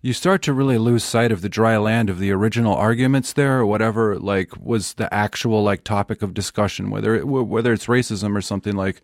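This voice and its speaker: A man's voice: fairly low pitch, dry recording, studio quality. Thoughtful male podcast guest. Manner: thoughtful, searching for words, many fillers. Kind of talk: casual chat.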